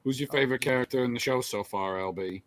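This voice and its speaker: A man's voice: mid-range voice, fast, a bit bright. A man co-hosting a casual chat show, teasing and joking with his co-hosts. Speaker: co-host.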